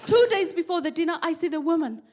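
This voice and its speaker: A woman's voice: extremely high pitch, quick pace, some chatter behind. A woman doing a stand-up comedy routine, laughing often and acting out characters in squealing voices. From Kenya. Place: comedy stage before a live audience.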